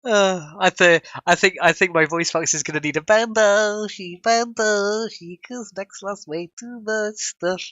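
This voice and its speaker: A man's voice: high-pitched, unhurried, few pauses, bright, forceful tone, no room sound, dull audio. A man streaming live while coding, chatting with viewers and often collapsing into giggles. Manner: giggly, keeps breaking into laughter.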